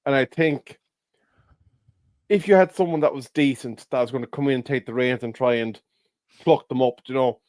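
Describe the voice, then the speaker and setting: A man co-hosting a casual football fan show, measured and analytical in his points. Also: medium pitch, a little mellow, dry recording. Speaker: co-host.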